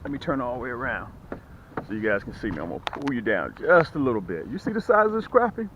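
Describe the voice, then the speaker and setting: A man fishing outdoors and talking casually to his viewers, excitable and folksy as he pitches his lures. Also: fast, noisy background. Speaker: fishing vlogger and lure seller. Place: outdoors on a boat.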